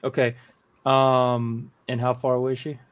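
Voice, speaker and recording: A man playing a tabletop game, asking the game master questions in an unhurried way. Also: medium pitch, completely flat delivery, smooth, dull audio. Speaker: player.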